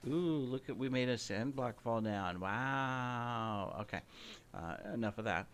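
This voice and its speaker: Speaking at a somewhat slow pace in a mid-range voice, this gaming channel host rambles in a relaxed way. He jokingly brags about his own show with self-deprecating humor, and he's slightly winded, with some coughing.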